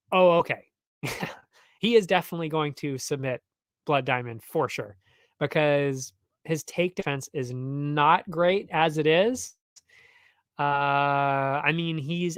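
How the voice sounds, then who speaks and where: A man's voice: a little high, a bit bright, dry recording, studio quality. A man hosting a betting show in a casual, rambling way, correcting himself and laughing at his own jokes, with slangy talk. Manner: loose slangy delivery. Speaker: betting tipster host.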